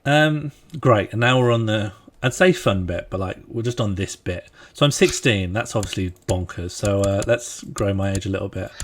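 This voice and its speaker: A man's voice: fairly low pitch, normal speed, few pauses. A young man hosting a casual game livestream, joking and laughing as he rattles off long lists. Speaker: streamer playing a strategy game.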